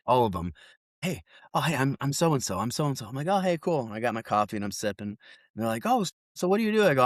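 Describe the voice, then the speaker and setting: A man in casual podcast chat, a political candidate telling campaign stories with plenty of swearing. He jumps into other voices when quoting people. His voice sits mid-pitch, close to the mic in a dry room. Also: dry recording. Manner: animated, profane storytelling, acting out quotes.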